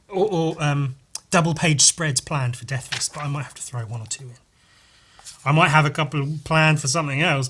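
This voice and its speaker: Jittery, swearing man with a bright husky voice. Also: medium pitch. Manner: rambling, excitable, swears a lot. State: jittery from too much caffeine. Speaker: comic artist and podcast host. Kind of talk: casual solo podcast monologue while leafing through comics.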